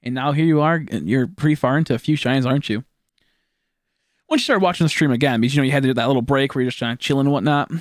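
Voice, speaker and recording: A young man streaming a video game, chatting casually with viewers, excitable, profane and often laughing. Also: medium pitch, racing, no echo, studio quality. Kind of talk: casual gameplay stream commentary.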